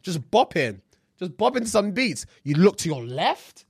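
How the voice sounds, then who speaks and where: Animated man, podcast banter. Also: sits high, a little slow, vocal fry, slightly rough, no room sound, clean studio sound. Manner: loud, laughing, animated. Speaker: podcast co-host.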